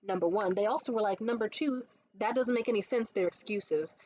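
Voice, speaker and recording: A woman's voice: medium pitch, fairly quick, darkish tone, muffled recording. A woman producing comedy shows, telling a blunt, profane story in a casual rant to camera.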